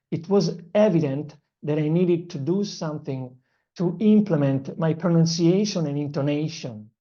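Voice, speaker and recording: A speaker with an Italian accent teaches in an earnest, reflective way, in short phrases broken by small fillers. The tone is mellow and warm. The recording sounds a little dull and lo-fi. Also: mid-range voice. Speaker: English-learning channel host. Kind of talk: motivational language lesson.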